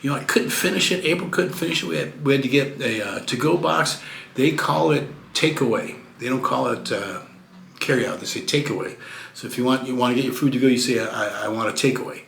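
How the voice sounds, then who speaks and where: Gravelly man telling travel stories. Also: mid-range voice, fairly quick, fairly bright tone, echoey room. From Texas. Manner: chatty, anecdotal, many fillers and restarts. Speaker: vlogger. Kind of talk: casual storytelling to camera.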